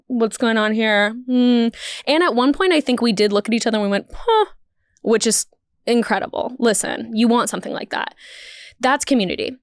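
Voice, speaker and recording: A woman hosting a podcast, telling a funny story in an animated, wry, riffing way. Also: on the high side, no room sound, studio quality. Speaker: podcast host. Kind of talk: comedic storytelling.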